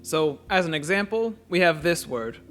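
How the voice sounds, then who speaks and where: Calm male narrator, slightly high voice, methodical lesson voice-over. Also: normal speed, soft background music. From United States. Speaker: language teacher.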